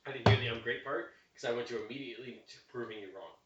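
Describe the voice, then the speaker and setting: A man's voice: mid-range voice, racing, a bit bright. A young man, co-hosting a podcast in casual chat, teasing his friends and arguing his point. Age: young adult. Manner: teasing, mock-apologetic, argumentative. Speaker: podcast co-host. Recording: roomy, distant, dull lo-fi mic.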